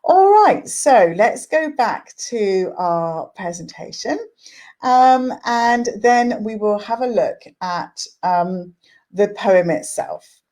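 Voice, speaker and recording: A woman's voice: mid-range voice, animated, slow, a little mellow. A woman tutor giving a chatty online lesson, often checking in with a questioning "right?", then reading a poem aloud. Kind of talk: casual teaching talk with a poetry reading.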